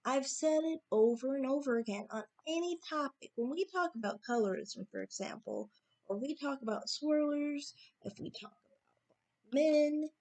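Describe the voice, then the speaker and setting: Assertive woman with a slightly high voice. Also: normal speed, mellow. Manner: assertive, repeats points for emphasis. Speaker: YouTube commentator. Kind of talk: opinion monologue to camera.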